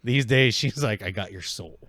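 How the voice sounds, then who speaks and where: Animated lower-voiced man telling stories. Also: normal speed, slight background noise. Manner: animated, laughing often, quoting people in character. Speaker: podcast guest. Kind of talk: casual storytelling. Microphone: studio podcast mic.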